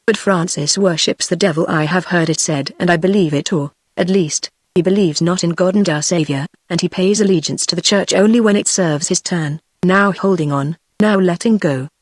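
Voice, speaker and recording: A woman's voice: lowish voice, normal speed, few pauses, no echo, natural voice. A British-accented synthetic woman's voice reading the lines of an aging English king in formal archaic speech. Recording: dry synthetic voice.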